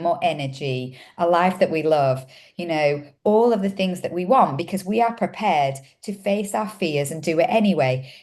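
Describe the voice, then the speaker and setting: A woman's voice: on the low side, darkish tone. A woman hosting a podcast, speaking in an enthusiastic, emphatic way. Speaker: podcast host. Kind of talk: casual interview talk.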